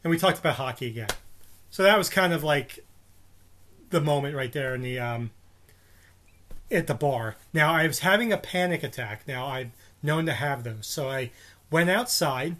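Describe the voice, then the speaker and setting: A man's voice: a little high, expressive, moderate pace, pauses often, fairly bright tone. A man in his forties from New Jersey, co-hosting a podcast and telling a rambling story full of restarts and fillers. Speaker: podcast co-host. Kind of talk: casual storytelling chat.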